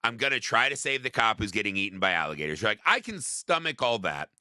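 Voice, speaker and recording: A man co-hosting a movie podcast, telling the plot in a profane, animated way and acting out the characters' lines. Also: fairly low pitch, quick pace, no echo, studio quality. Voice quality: profane, animated storytelling with acted-out quotes. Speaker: podcast co-host. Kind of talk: casual movie-review chat.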